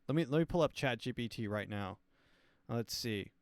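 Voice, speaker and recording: A man hosts a comedy podcast in a loose, rambling way, packing his talk with fillers and deadpan asides. His voice is mid-pitched and smooth, recorded close and dry. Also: moderate pace, no echo. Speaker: podcast host. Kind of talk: casual comedic commentary.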